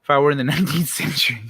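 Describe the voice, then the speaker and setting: A man's voice: a little high, sharp tone, breathy edge, no echo. A man hosting a casual livestream, chatting loosely with viewers and swearing freely. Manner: loose, profane, joking with chat. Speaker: livestream host. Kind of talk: casual livestream chat reading viewer comments.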